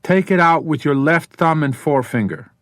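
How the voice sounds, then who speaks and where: A man voices a small, tough woman who used to be a cop, barking clipped, commanding orders at gunpoint. His delivery is pitched above his own voice, fairly high yet close to an everyday voice, at normal speed, with dry, clean studio sound.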